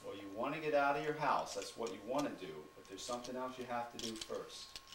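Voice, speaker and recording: A man's voice: mid-range voice, a little fast. Man teaching preschoolers in an echoey room. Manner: patient, asks the kids lots of simple questions. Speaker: firefighter teaching preschoolers fire safety. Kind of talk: classroom talk to small children. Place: preschool classroom. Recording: echoey room from far off, noisy.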